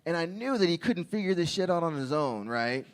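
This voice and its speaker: A stand-up comedian, an adult man with a child, delivers a crude set in a high-pitched, very animated, brisk voice. He tells stories and laughs at his own jokes.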